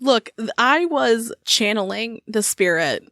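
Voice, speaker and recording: A woman's voice: a little high, animated, slow, fairly bright tone, no room sound. A woman co-hosting a podcast in casual chat, playful and giggly, often slipping into silly voices. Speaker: podcast co-host.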